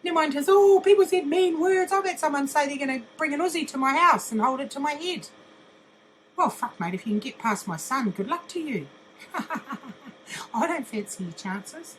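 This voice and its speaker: A woman's voice: sits high, lively intonation, moderate pace, bright, forceful tone, a little hiss or hum, rough recording. An older woman, ranting bluntly in a monologue, mocking and swearing constantly, laughing often. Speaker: vlogger.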